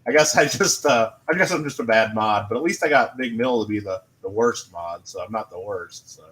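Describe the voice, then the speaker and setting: A man chatting in a relaxed, hesitant way while playing a game on a live stream, often laughing and trailing off. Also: fairly low pitch, fairly quick. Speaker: streamer and chat moderator. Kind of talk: casual stream chat while gaming.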